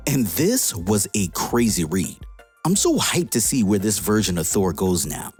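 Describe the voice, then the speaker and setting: A woman reviewing a comic book, who retells the story in an excited, slangy, casual way. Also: extremely low pitch, a little slow, slightly rough, soft background music.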